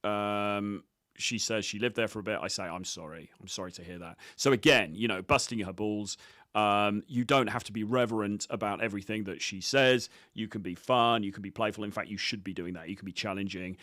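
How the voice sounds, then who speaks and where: Blunt man, low dry voice. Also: fairly even intonation, a little fast, fairly bright tone, no echo. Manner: blunt, cocky, profane, with frequent fillers. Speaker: dating coach. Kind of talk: commentary on his own street footage.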